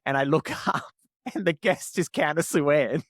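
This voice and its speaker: Chatty man, slightly high voice. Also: measured pace, no echo, clean studio sound. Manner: chatty, laughs often, self-mocking. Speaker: podcast guest, producer. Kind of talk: casual chat.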